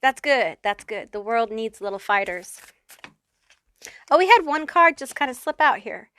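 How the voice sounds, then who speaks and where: A woman reads tarot cards for the viewer in a blunt, foul-mouthed, fired-up way. Her voice is bright and forceful and sits a little high. It is close and dry, with no room sound. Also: dry recording. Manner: blunt, profane and fired-up, talking straight to the viewer. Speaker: tarot reader. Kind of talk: pick-a-card tarot reading.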